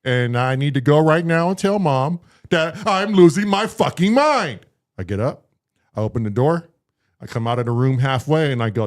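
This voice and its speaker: Animated man telling a wild story. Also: fairly high pitch, normal speed. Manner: animated, acts out voices in his story; swears freely. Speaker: podcast co-host telling a story. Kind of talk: casual storytelling.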